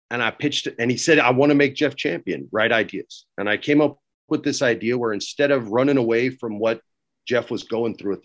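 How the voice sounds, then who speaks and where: A middle-aged man telling stories as a guest, lively and laughing as he acts out quoted lines. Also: mid-range voice. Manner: laughs often while talking. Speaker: guest recalling work as a wrestling writer. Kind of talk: casual anecdote-telling.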